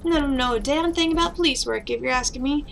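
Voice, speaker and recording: A woman's voice: high voice, fast, vocal fry, a bit bright, slight background noise, pitched above the performer's own voice. A woman voicing a friendly, talkative male police officer with a folksy drawl in a game, over background music. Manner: drawling, uses y'all.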